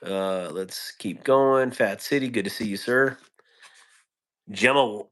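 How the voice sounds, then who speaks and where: A man's voice: lowish voice, slow pace, fairly bright tone. A man hosting a casual live stream from home on his phone, greeting viewers by name with rambling, joking asides.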